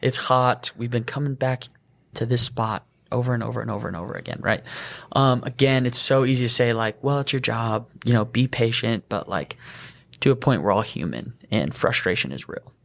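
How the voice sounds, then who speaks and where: A young man co-hosting a podcast, telling an animated work story and laughing as he goes. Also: mid-range voice, moderate pace, gravelly. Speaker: EMT podcast co-host. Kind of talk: casual storytelling chat.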